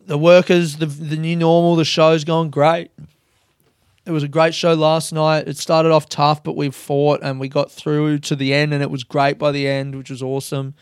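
A young man telling stories in a loose, sweary, self-mocking ramble. His voice sits a touch high and comes through smooth and clear, with a dry, close sound and no room around it. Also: level tone, moderate pace, no echo. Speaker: comedian podcast host. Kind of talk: casual rambling monologue.

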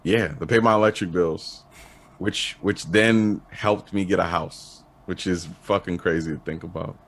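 A man talking as a guest in a casual interview, laid-back and halting, with many restarts and fillers. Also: low-pitched, steady tone, fairly bright tone. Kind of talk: casual podcast chat.

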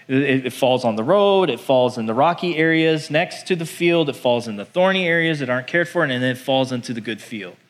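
A male pastor preaching a sermon in an animated, conversational way, acting out the voices he quotes. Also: mid-range voice.

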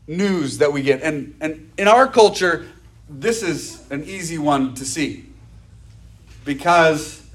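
A man with a fairly high voice delivers a sermon. He speaks in an animated, conversational way and acts out mock voices of gossiping people. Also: husky. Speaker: pastor.

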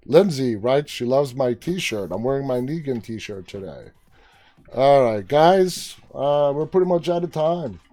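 A man's voice: medium pitch, lively intonation, measured pace, dark tone. An American man hosting a live stream, chatting casually, reading out viewer comments and entertainment news, and often getting sidetracked. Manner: chatty, easily sidetracked, teasing.

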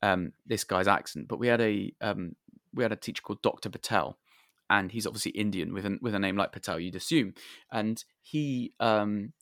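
A man's voice: lowish voice, moderate pace, creaky, fairly bright tone, no room sound, studio quality. A young man co-hosting a casual podcast, rambling through anecdotes and swearing casually. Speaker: podcast co-host. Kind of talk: casual chat.

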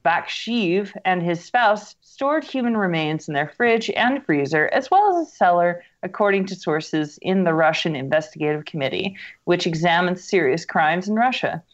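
A woman's voice: lowish voice, lively intonation, normal speed, few pauses, dull audio. A woman co-hosting a casual podcast, reading a news article aloud, stumbling over foreign names and adding dry sarcastic asides.

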